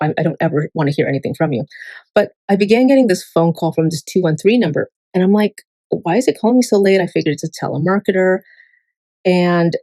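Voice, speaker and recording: Woman vlogger, lowish mellow voice, dry close sound, rambling, filler-heavy, profane. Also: no room sound, low-quality recording. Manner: swears freely. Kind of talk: casual rambling monologue.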